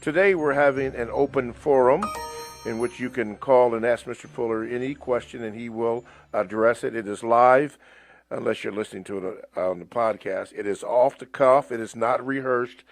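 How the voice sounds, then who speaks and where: A man's voice: medium pitch, steady tone, moderate pace, no echo. Radio cohost guy, agreeable, chuckles along, mid voice. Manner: affirming, chuckling listener. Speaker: radio show co-host. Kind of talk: live radio talk.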